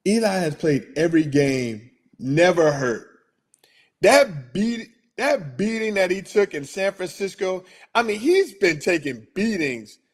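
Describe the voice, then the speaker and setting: A man hosting a casual sports talk livestream, slangy and excitable, rambling about his picks. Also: sits high, measured pace. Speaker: sports podcast host.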